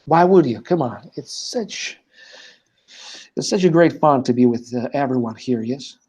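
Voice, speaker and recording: A man's voice: medium pitch, lively intonation, unhurried, darkish tone, slightly rough. A male teacher giving a live online lesson, explaining step by step with many hesitant fillers. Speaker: language teacher.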